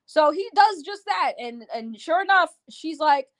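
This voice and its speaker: A young woman giving an excitable, slangy spoiler review of a movie, swearing freely. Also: sits high, a little slow. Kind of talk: casual spoiler review to camera.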